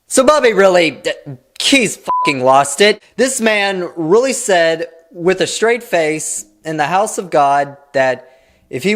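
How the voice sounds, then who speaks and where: A man's voice: fairly high pitch, fairly bright tone. A man giving sarcastic video commentary, mocking and blunt and swearing freely. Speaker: commentary YouTuber.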